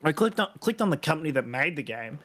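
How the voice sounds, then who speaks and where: Rambling, laughing podcast co-host. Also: male voice, on the high side, big pitch swings, fast talker, fairly bright tone. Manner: rambling storyteller, laughs often. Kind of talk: casual chat.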